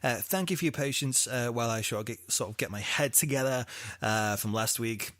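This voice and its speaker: A man's voice: mid-range voice, brisk, fairly bright tone, no echo, clean studio sound. A British man co-hosting a podcast in casual, jokey chat with a lot of swearing and laughter. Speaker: podcast co-host.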